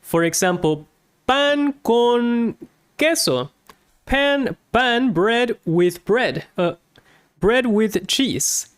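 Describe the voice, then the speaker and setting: Woman teacher, very slow, lively pitch, dry close sound. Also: dry recording. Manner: repeats words slowly, chatty asides. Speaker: Spanish teacher. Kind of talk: slow language lesson.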